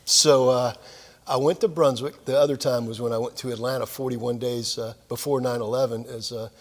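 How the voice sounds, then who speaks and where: An older man, a retired naval officer, gives an anecdotal lecture as guest speaker in a military lecture series, held in a club's lecture hall. He tells folksy, self-deprecating stories with lots of fillers, his mid-range voice steady and moderately paced over a long reverb tail.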